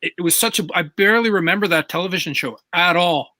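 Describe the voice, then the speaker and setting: A man's voice: high voice, fast talker, no echo. A man, a guest drummer, chatting casually and telling stories with eager questions. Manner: animated storytelling, eager questions. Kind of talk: casual chat.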